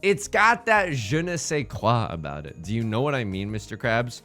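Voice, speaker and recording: A young man giving casual, playful commentary while he plays an online game, with jokey asides and sudden excited jumps. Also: medium pitch, moderate pace, soft background music. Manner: drops to a stage whisper at times. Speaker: let's play streamer.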